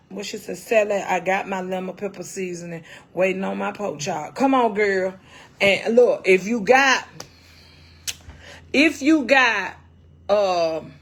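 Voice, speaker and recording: A woman's voice: on the high side, breathy edge. A middle-aged woman hosting a casual cooking livestream, folksy and salty, calling her viewers baby and honey.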